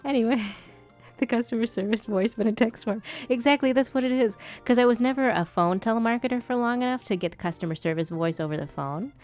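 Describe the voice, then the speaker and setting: A woman's voice: on the high side, fast talker, darkish tone, faint music behind. A woman streamer chatting casually while she draws, swearing freely and now and then putting on a polite customer-service voice.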